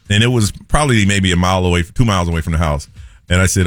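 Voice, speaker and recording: A man, a morning radio host telling a story in an animated way and acting out the people in it. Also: sits low, rapid-fire, dry recording. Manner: animated storyteller, acts out quoted voices.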